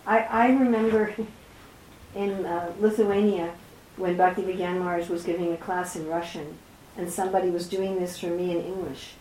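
A middle-aged woman from New York City, reading and explaining scripture to a class in slow, deliberate, very distinct speech. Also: lowish voice, fairly even intonation, darkish tone, slight background noise. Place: room with a small class. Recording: roomy echo.

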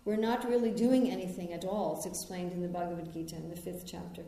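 A middle-aged American woman from New York gives a conversational spiritual talk. She tells personal stories in a gently reflective way. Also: lowish voice, steady tone, quick pace, slight background noise. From New York, United States. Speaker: spiritual teacher. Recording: very echoey room.

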